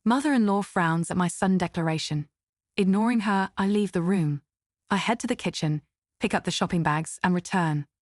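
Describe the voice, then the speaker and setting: A woman narrating a first-person family drama story in an even, steady way. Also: fairly low pitch, normal speed, no room sound, clean studio sound.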